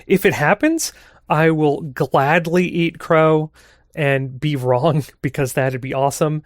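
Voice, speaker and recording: A man who is a guest on a podcast, chatting in a relaxed, thoughtful way and laughing easily. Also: mid-range voice, unhurried, no echo, clean studio sound. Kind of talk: casual chat.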